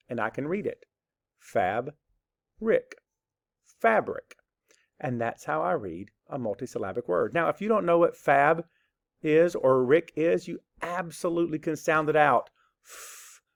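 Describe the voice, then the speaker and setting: A man's voice: medium pitch, vocal fry. Patient teacher man talking to kids. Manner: patient, encouraging, talks directly to young viewers. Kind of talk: phonics lesson for children.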